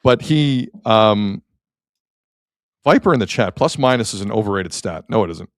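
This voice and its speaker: Animated opinionated male sports host. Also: on the low side, normal speed, dry recording, clean studio sound. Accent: Canadian English. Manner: animated, opinionated, reads chat comments. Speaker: sports talk show host. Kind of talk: casual sports talk.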